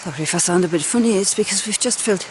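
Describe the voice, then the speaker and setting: A woman's voice: mid-range voice, rapid-fire, background noise. A chatty woman narrating a hiking vlog outdoors on a mountain trail into a handheld camera, laughing often. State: cold from icy water. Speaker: hiking vlogger.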